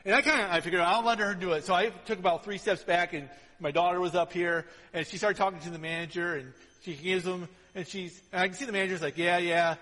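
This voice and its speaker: A middle-aged pastor preaching a sermon, telling stories in an animated, conversational way with quick repeated restarts. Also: male voice, high-pitched. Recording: long hall reverb.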